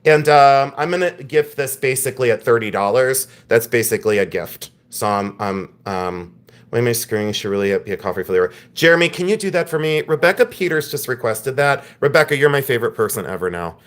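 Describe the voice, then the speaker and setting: A man hosting a live jewelry sale stream, chatting excitedly, joking and laughing with viewers. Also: mid-range voice, brisk. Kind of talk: casual live-stream sales chat.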